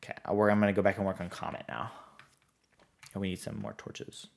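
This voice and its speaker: A man's voice: on the low side, little pitch movement, fast, creaky. A man streaming a building game, reading chat aloud and answering in a rambling, easygoing way. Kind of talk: casual live-stream chat while playing.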